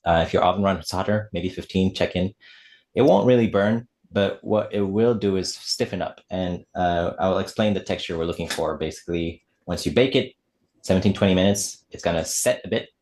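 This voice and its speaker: A man's voice: low voice, normal speed, darkish tone. A man hosting a casual online baking class, chatty and joking while explaining each step. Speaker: actor and baking class host. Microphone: laptop camera mic.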